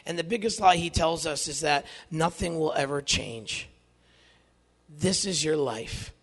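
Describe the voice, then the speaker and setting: A man in his fifties giving an earnest, animated inspirational talk to young people, telling his own faith story with self-deprecating humor. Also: fairly high pitch, measured pace. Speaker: Catholic youth speaker.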